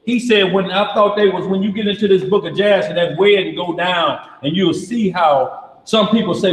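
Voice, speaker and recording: High-voiced man teaching in an echoey hall. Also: normal speed. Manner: conversational, rhetorical questions, joking asides. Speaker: Bible study teacher. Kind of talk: informal Bible study teaching. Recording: echoey hall with long reverb.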